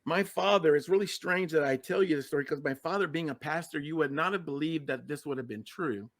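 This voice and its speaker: A middle-aged man with a fairly high voice, speaking as a guest on a podcast. He tells a personal story in an earnest, emotional way. He often doubles back and repeats his words for emphasis. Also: brisk. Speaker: guest, success coach.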